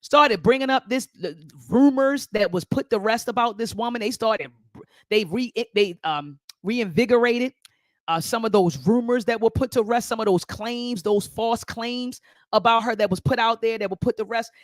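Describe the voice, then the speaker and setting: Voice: mid-range voice, normal speed, no echo. An educator hosting casual commentary, talking in a rambling way, backtracking and speaking straight to viewers. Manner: conversational, rambling, loses the thread and backtracks; addresses viewers and commenters directly.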